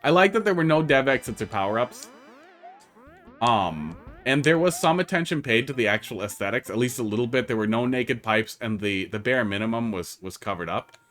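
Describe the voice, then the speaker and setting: A man's voice: medium pitch, expressive, brisk, fairly bright tone. Chatty man with a Wisconsin accent. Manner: chatty, answers chat between plays. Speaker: streamer. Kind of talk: casual live-stream commentary.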